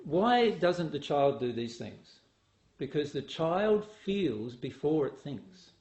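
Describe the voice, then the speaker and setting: A man's voice: fairly high pitch, sing-song, slow pace, a little mellow. Man teaching in an echoey room. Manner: asks the audience questions and acts out voices to make points. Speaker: spiritual teacher. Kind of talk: talk to an audience. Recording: echoey room with faint noise.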